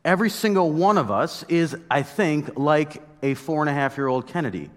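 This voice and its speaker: Pastor, thirties, man, casual storytelling sermon, voice a bit high, big echoing hall. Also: moderate pace. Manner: conversational, animated storytelling with mock outbursts.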